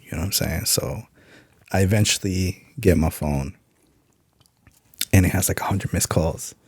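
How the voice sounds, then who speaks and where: A man's voice: sits low, normal speed, a little mellow, slightly rough, no echo. A middle-aged man, an author, telling stories in a laid-back casual interview. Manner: laid-back, acts out quoted voices in stories. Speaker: author and podcast guest.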